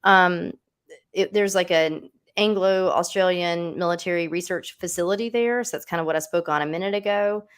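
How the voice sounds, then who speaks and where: A woman's voice: on the low side, moderate pace, clear, resonant tone. A woman hosting a livestream, telling a true-crime story in a casual, chatty way with lots of asides. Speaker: host.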